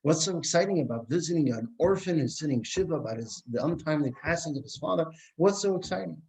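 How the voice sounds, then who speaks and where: A man voicing a baffled wife who questions her husband quickly. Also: on the high side, expressive, creaky, a little mellow, voice pushed up, rough recording. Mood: incredulous. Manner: incredulous, questioning.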